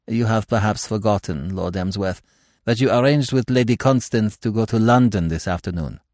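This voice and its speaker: A man voicing a calm, efficient young male secretary, speaking quietly and in a clipped way. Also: on the low side, normal speed, dry recording, clean studio sound, close to an everyday voice. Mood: cool.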